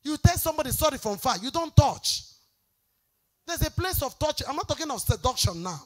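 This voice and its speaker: A woman's voice: high voice, sing-song, brisk. A woman pastor, preaching an emphatic, exhorting sermon.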